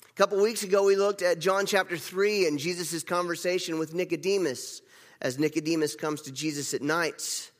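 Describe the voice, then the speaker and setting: A male pastor giving a conversational sermon, repeating phrases for emphasis. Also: a little high. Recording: long reverb of a large hall.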